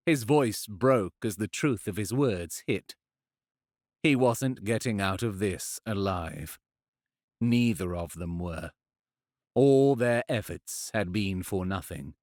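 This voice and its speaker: A man narrating a fantasy audiobook in a measured, expressive storytelling manner, on a close studio mic. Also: fairly low pitch, dry recording.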